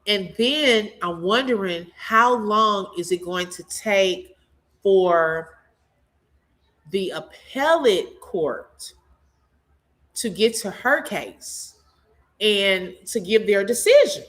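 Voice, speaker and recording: Bright-voiced animated woman commentator. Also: mid-range voice, slow pace. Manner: animated and chatty, laughs often, talks straight to viewers. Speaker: channel host reacting to a court case. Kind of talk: casual live commentary, reading viewer comments.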